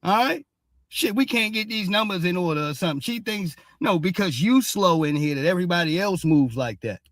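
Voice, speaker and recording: A man's voice: high-pitched, animated, a little fast, no echo, clean studio sound. A man hosting a ranting commentary show, heated and mocking, cursing and repeating "all right?" again and again. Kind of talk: ranting commentary on social media posts.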